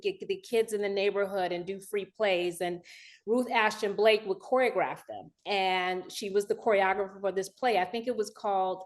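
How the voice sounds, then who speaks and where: An American woman from the Los Angeles area, speaking in an interview with animated, emotional talk and frequent restarts. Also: medium pitch. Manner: animated, laughing, restarts often. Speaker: guest dancer and director.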